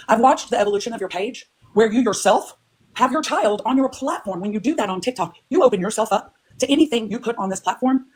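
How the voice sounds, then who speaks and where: An older woman talks quickly and firmly in a livestream dispute. She keeps stressing that she is calm and respectful while she presses her case. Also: fairly high pitch, slightly rough. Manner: firm, insists she is being respectful. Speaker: livestream guest. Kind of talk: heated livestream argument.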